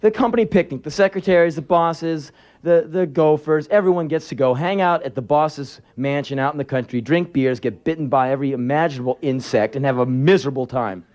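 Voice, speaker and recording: A man in his twenties tells stories on stage in a sardonic, foul-mouthed spoken word style. His voice sits a little high for a man, and he jumps into sharp yelps when he acts out what others said. It sounds like a live reading in front of an audience. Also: brisk. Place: live venue before an audience.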